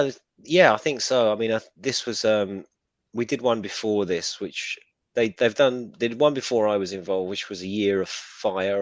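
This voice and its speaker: A man chats as a co-host on a relaxed live stream, rambling and poking fun at himself. His voice sits a bit low. The sound is dry and close, with no room echo. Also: muffled recording. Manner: chatty, self-deprecating, rambling. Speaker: author and regular co-host. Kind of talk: casual live-stream chat.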